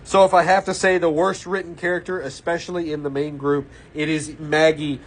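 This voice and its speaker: A man's voice: a little high, level tone, brisk. A man giving blunt, opinionated casual commentary about a TV series, ranting with exasperation.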